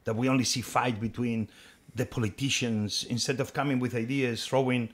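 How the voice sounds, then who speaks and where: Halting male podcast host. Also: mid-range voice, fairly even intonation. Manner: halting, searches for words, restarts phrases. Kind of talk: podcast interview.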